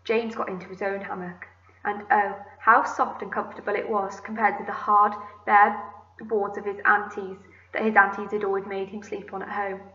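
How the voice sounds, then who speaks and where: A woman teacher reading a children's book aloud to her class, gentle and expressive. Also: mid-range voice, moderate pace, reverberant, lo-fi sound. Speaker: primary school teacher.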